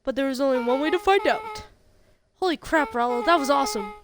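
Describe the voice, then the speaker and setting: A woman's voice: high-pitched, expressive, a little fast, noisy background. A woman reading game dialogue aloud with dramatic, comic exclamations. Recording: game music behind the voice.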